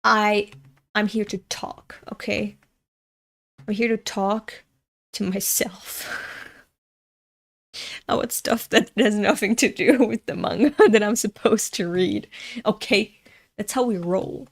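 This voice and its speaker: Slow-talking woman rambling casually. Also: mid-range voice, steady tone, creaky. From Europe. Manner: rambling, off on tangents, swears freely, talks to chat. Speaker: manga reader and channel host. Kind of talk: casual read-along chat.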